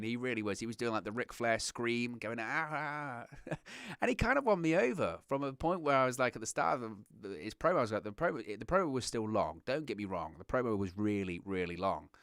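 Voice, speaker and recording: A young man hosting a wrestling reaction show, chatting casually with lots of restarts and animated asides. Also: mid-range voice, no room sound, clean studio sound. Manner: rambling, animated, self-interrupting with restarts. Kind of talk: casual solo commentary.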